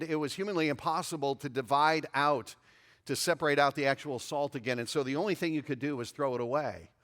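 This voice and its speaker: A man's voice: mid-range voice, a bit bright, in a large hall. A pastor in his fifties preaching a sermon in a church, emphatic and repeating phrases for stress. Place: church sanctuary.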